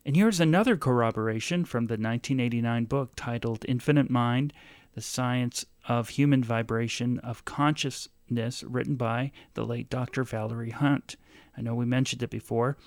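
A male talk show host asking questions and reading passages aloud in a measured way. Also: medium pitch, no echo, studio quality.

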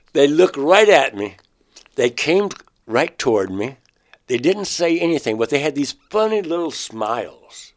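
A man's voice: a little high, very animated, slow pace, pauses often. A man being interviewed, earnestly telling a first-person story and acting out his own past words. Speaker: interview guest. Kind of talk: first-person account of an abduction experience.

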